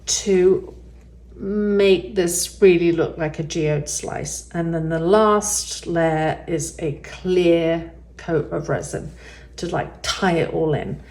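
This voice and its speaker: A woman makes a resin art tutorial, chatting casually through a step-by-step craft demo and thinking aloud with the odd um. Her voice is lowish, slow, and darkish, and the recording has a roomy echo.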